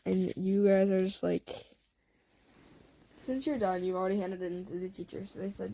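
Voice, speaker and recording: A young woman narrating a fan-made story in a casual, rambling way, full of fillers and asides and quick giggles. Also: medium pitch, warm tone, a little hiss or hum. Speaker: fan audio story creator.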